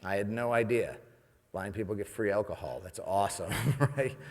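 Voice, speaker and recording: A man's voice: on the low side, normal speed. Joking male motivational speaker, big reverb. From New York. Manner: jokey, conversational, keeps asking "right?". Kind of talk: comedic keynote speech. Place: event stage in a large hall. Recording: long reverb of a large hall.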